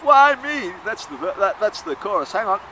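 Erratic high-voiced man outdoors. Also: fairly quick. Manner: erratic, swings from muttering to loud chanting. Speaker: performer in an experimental film. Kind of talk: rambling improvised monologue and singing. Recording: outdoor recording with clear street noise.

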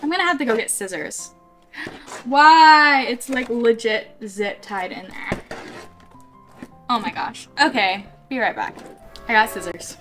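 Excitable high-voiced woman unboxing toys. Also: moderate pace, soft background music. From California, USA. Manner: excitable, gushing, talks to viewers. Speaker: vlogger. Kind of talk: casual unboxing vlog.

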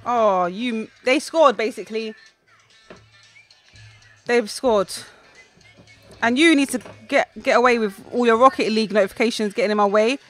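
A young woman reacting out loud while playing a football video game, shouting, groaning and talking to people in the room. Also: on the high side, moderate pace, pauses often, soft background music. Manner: talks back to people in the room. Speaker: gaming YouTuber.

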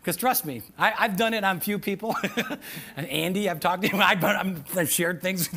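A male pastor preaching a sermon to a church congregation, animated and often breaking into shouts. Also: high-pitched, moderate pace, slightly rough. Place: church sanctuary with live audience.

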